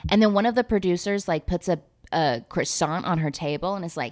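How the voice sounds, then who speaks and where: A woman's voice: on the low side, brisk, few pauses, a little mellow. A young woman vlogger giving a rambling, sarcastic, casual movie recap that is full of swearing.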